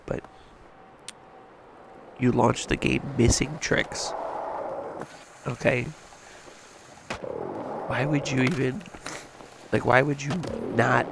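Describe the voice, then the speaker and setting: A man's voice: mid-range voice, gravelly, noisy background. A male streamer talking over a headset, stuffed up and just awake, rambling and swearing as he rants while gaming. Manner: rambling, frustrated, swears freely. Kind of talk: casual gaming stream rant.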